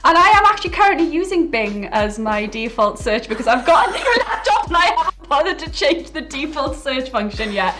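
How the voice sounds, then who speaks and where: High-voiced giggly woman producer. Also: very animated, fairly quick, hardly any pauses, sharp tone, slight background noise. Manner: giggly, chatty. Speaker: producer and editor. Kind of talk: casual chat.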